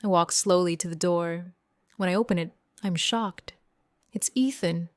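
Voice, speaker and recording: A young woman narrating a first-person story in slow, simple, clear sentences for English learners. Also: lowish voice, no echo, clean studio sound. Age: young adult. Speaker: audiobook narrator.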